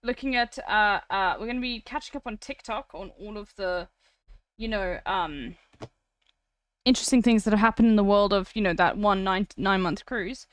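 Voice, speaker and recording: A young South African woman with a South African accent, casually chatting to her live-stream viewers, blunt and quick to swear. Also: mid-range voice, no echo. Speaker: livestreamer.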